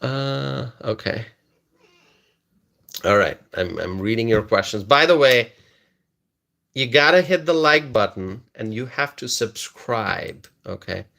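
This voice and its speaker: A man hosting a casual political live stream, chuckling often as he talks. He stumbles over and repeats words as he reads viewer comments aloud, in a voice of middle pitch. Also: expressive, takes it slowly, gravelly, pauses often, fairly bright tone. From United States.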